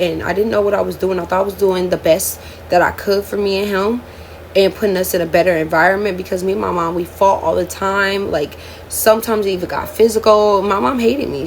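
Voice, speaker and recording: A woman's voice: medium pitch, brisk, a little hiss or hum. A woman in her twenties telling her life story to viewers in a casual storytime vlog, emotional and candid, often calling out "y'all.". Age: 20s.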